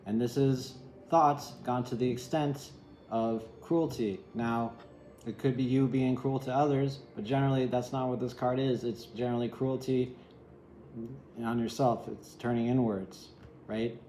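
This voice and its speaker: A man's voice: medium pitch, steady tone, a little slow, mellow, echoey room, slight background noise, rough recording. A man giving a casual, rambling tarot reading, candid and sometimes swearing. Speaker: tarot reader.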